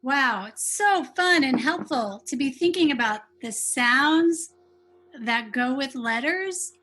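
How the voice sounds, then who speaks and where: A woman teaching young children letter sounds, speaking slowly and sounding out each sound with care. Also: a little high, a bit bright.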